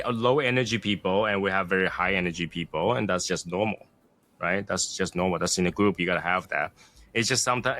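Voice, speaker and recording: A man co-hosting a casual podcast chat, telling stories and acting out scenes with lively energy. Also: sits low. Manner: animated storytelling, acts out scenes. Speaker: podcast co-host.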